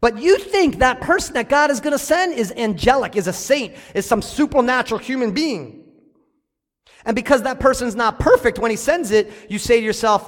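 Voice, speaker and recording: A man preaches to his congregation, pressing his points home and slowing down to repeat the key lines. His voice sits high for a man. The sound rings with long reverb from the church sanctuary. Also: animated. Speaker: pastor. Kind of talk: sermon. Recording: hall reverb.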